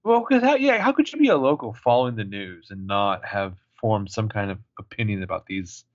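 A man chatting on a recap podcast with a lively, swinging voice. He jumps into quick voices for quoted lines and swears freely. The sound is close and dry, a little dull. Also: on the low side, dry recording. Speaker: podcast co-host recapping a TV episode. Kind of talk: casual chat, retelling scenes with quick character voices.

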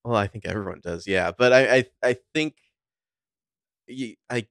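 A man's voice: mid-range voice, normal speed, fairly bright tone, no echo, clean studio sound. A man co-hosting a casual movie review podcast, opinionated and rambling with lots of fillers. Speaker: podcast co-host.

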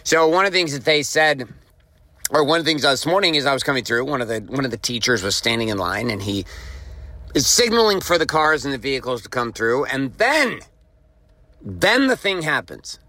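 A man's voice: mid-range voice, big pitch swings, moderate pace, bright, forceful tone, dry recording, poor audio. A man hosting a motivational podcast, telling a story and repeating his main point with emphasis. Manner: emphatic, repeats key lines. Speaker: podcast host. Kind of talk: motivational monologue.

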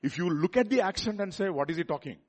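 A man with a Telugu accent preaching a sermon, repeating words and building up to loud rhetorical questions. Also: high voice, animated, fast talker. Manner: repeats words and restarts phrases.

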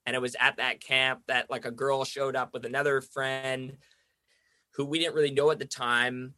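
A man's voice: medium pitch, little pitch movement, moderate pace, pushed and bright, no room sound. Rambling man telling a story. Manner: rambling, says "like" constantly, acts out quoted voices. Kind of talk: casual storytelling chat.

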